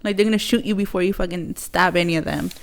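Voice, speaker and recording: A young woman co-hosts a casual podcast, telling a story with plenty of swearing. She throws herself into the quotes, getting louder when she acts out what people said. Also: fairly low pitch, fast, vocal fry. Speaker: podcast co-host.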